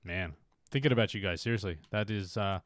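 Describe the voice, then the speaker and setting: A man's voice: on the low side, a little fast, no room sound, studio quality. A man streaming a video game live, chatting casually and thinking aloud with fillers, from Australia.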